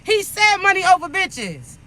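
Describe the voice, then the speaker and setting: A man's voice: very high voice, wildly swooping pitch, unhurried, sharp tone. A man giving a casual spiritual pep talk in a blunt, profane, scolding manner. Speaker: spiritual content creator.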